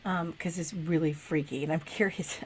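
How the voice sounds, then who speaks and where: Animated middle-aged woman telling a story. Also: low-pitched, normal speed, husky. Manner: animated storytelling, frequent laughs and swearing. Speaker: podcast co-host. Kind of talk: casual chat.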